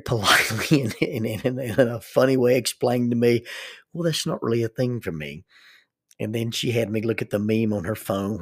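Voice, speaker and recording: Gravelly, rambling American man storyteller. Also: mid-range voice, no echo, clean studio sound. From United States. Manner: rambling, repeats words while thinking aloud. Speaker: counselor and minister telling a story. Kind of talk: casual storytelling monologue.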